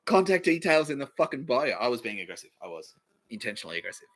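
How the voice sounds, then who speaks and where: Aussie guy ranting on his podcast, swears a lot, laughs at his own jokes, sharp bright tone. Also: lowish voice, expressive, rapid-fire. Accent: Australian. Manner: profane, sarcastic, self-mocking, laughs often. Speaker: podcast host. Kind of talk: rambling comedic monologue.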